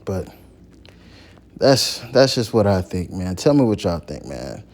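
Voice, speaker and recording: A man on his own channel delivering an impassioned opinion vlog, repeating phrases and climbing high when heated. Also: sing-song, measured pace, a little mellow. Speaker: YouTuber.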